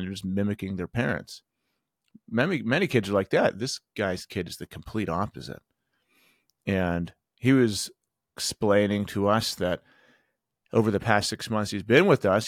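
A man's voice: sits low, no room sound, clean studio sound. A middle-aged man hosting a podcast, talking earnestly in a rambling way with many restarts. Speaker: podcast host and men's group coach. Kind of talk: casual solo podcast talk.

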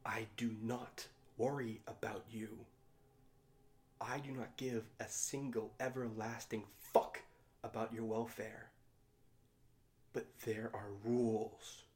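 A man's voice: lowish voice, little pitch movement, slow pace, a little mellow. A man reading aloud and voicing a cold, contemptuous father who speaks in a clipped, scornful way.

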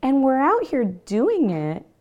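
A woman's voice: sits high, huge pitch swings, slow pace, warm tone, dull audio. A woman hosting a podcast interview, engaged and asking probing questions. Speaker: podcast host. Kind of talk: interview conversation.

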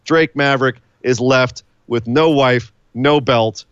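A man co-hosting a casual wrestling podcast, excitable and quick to laugh as he recaps the show. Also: mid-range voice, clear, resonant tone, no room sound. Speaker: podcast co-host. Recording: dry, slightly dull lo-fi sound.

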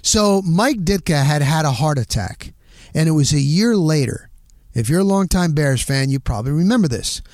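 A middle-aged man hosting a podcast, telling a story in a casual, animated way and punching it up with quick sound words. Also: a little high, no echo, clean studio sound. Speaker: podcast host.

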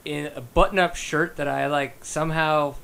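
A man's voice: on the high side, steady tone, moderate pace, gravelly, fairly bright tone, clean tone. A man hosting a casual podcast interview, joking and enthusiastic. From United States. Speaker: podcast host.

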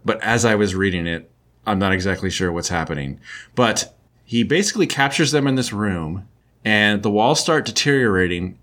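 A man with a fairly low voice talks through a story in a relaxed, chatty recap. He fills his sentences with ums and likes as he goes. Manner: loose and chatty, many "um" and "like" fillers. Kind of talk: casual comic book recap.

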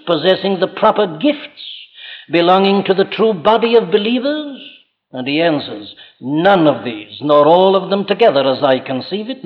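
Male preacher, fairly high voice, insistent rhetorical delivery, muffled archival church recording. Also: in a large hall. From Wales. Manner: earnest, insistent, rhetorical questions. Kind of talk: evening sermon.

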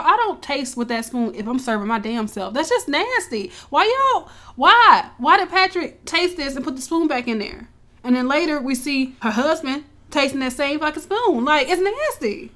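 A woman recapping a show in casual, animated storytelling, swearing freely and acting out the characters' lines. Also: fairly high pitch. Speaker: podcast co-host recapping a show.

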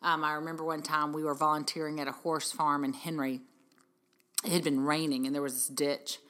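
Deep-voiced and a bit bright, with little pitch movement and a fairly quick delivery, a middle-aged woman speaks to mothers. She's a podcast host and parenting speaker, and her heartfelt, encouraging talk leans on rhetorical questions.

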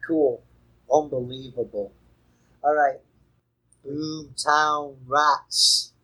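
A man's voice: fairly high pitch, steady tone, extremely slow, sharp tone, slightly rough, rough recording. A man co-hosting a casual music podcast outdoors, talking with playful, rambling enthusiasm. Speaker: podcast co-host.

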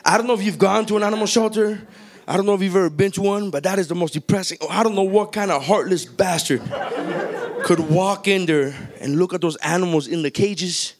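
A man's voice: sits high, fairly quick. A man who is a stand-up comedian, chatting casually and telling stories with a lot of swearing and acted-out voices. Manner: profane, animated, acts out quoted voices. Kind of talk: casual podcast chat, storytelling.

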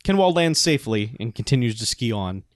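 A man in casual chat recapping a film, laughing often and acting out lines in quick asides. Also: medium pitch, big pitch swings, dry recording, clean studio sound. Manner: laughing, acts out quotes.

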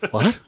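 A man telling a story in a casual podcast chat, animated and laughing often as he acts out the scenes. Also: very high voice, slightly rough. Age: adult with a wife and dogs. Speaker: podcast co-host.

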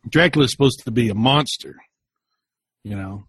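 A man's voice: medium pitch, normal speed, a bit bright, a little hiss or hum. A man co-hosting a podcast in casual chat, enthusiastic and emphatic.

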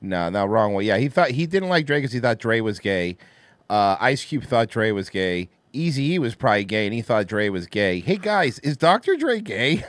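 A man co-hosting a podcast, bantering crudely and quickly and laughing often. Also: lowish voice, animated, dry recording. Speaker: podcast co-host.

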